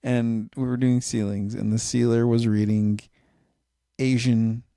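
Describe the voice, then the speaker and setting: A man's voice: mid-range voice, level tone, dark tone, no room sound, clean studio sound. A man from Utah co-hosting a podcast, chatting casually and joking often. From Utah, United States. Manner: jokey, quick to laugh. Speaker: podcast co-host. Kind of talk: casual chat.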